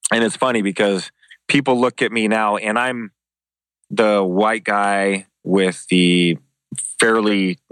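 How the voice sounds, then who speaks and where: Lower-voiced man telling animated stories. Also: slow, clean tone, no room sound. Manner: animated, acts out quoted dialogue with pitch jumps; casual, swears freely. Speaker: interview guest, former MMA show host. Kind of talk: casual anecdotal storytelling.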